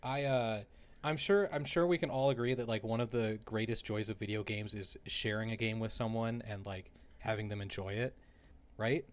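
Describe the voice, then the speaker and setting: A man's voice: lowish voice, moderate pace. Man telling stories on a chatty podcast. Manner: animated storyteller who laughs through his own anecdotes. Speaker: podcast co-host. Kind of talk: casual chat.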